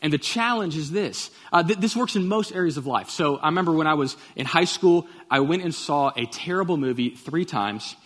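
A man preaching a sermon, opening with a prayer and then telling a childhood story with acted quotes in a relaxed, conversational way. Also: fairly high pitch, brisk, few pauses. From Texas. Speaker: pastor. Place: church sanctuary. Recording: long church hall reverb.

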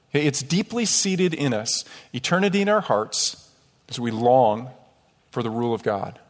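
Emphatic male pastor preaching in a reverberant church. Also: medium pitch. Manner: storytelling, emphatic, rhetorical "right?" asides. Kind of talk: sermon. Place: church sanctuary. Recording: long hall reverb.

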